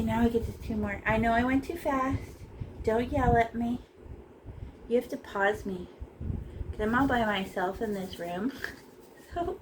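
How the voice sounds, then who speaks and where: A woman's voice: on the high side, background noise. A woman teaching a casual painting lesson, playful and chatty, tossing in silly sound effects as she works in a small art room.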